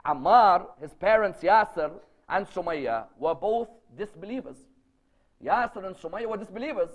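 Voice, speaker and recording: Delivering a religious lecture to a live crowd at a gathering, this high-pitched man speaks at a normal pace with lively intonation. He tells stories with emphasis and throws out one rhetorical question after another.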